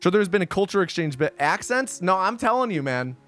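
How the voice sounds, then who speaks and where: Insistent high-voiced male streamer. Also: big pitch swings, brisk, fairly bright tone, soft background music. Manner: insistent, rambling, repeats himself. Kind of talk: casual livestream chat.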